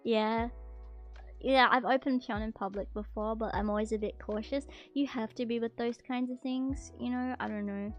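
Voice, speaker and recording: A woman VTuber streamer chatting casually with her viewers as she reads their confessions, breaking into excited gasps and loud protests. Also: fairly high pitch, moderate pace, dull audio, soft background music.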